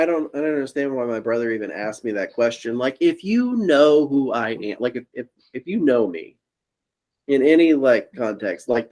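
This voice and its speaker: A man's voice: mid-range voice, a little mellow. A young man co-hosting a podcast, telling a rambling story in casual chat and laughing at his own punchlines. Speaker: podcast co-host.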